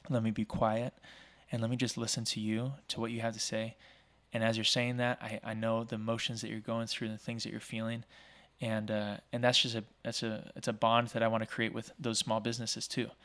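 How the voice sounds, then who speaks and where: Energetic talkative man telling a story. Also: fairly low pitch, brisk, hardly any pauses. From Oregon, US. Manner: energetic, talkative, acts out quoted voices; frequent fillers like "like" and "um". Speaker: podcast guest, small business owner. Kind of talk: casual storytelling in an interview.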